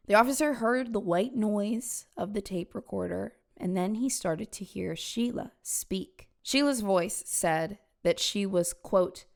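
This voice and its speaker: A woman's voice: mid-range voice, gravelly. A woman hosting a true crime show, telling the story in an emphatic, conversational and opinionated way. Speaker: host.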